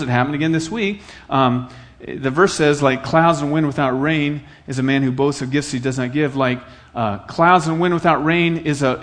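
A man's voice: on the high side, a bit bright. A middle-aged man from Iowa preaching a sermon in an earnest, conversational way, telling stories and repeating phrases for effect. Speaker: pastor.

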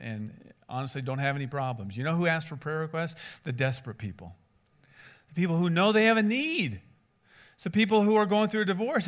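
A pastor preaching to his church in a loose, conversational way. He is a man with a somewhat high voice who gets animated, rising and falling as he acts out the people in his stories. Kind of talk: sermon.

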